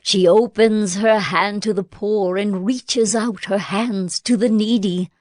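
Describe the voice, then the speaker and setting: Slow, dry-voiced woman reading scripture. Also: medium pitch, steady tone, a little mellow, no room sound. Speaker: scripture reader.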